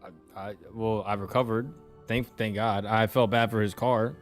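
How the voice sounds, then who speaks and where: A young man in casual chat, laid-back and halting, laughing often as he tells his side. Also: on the low side, fairly even intonation, soft background music.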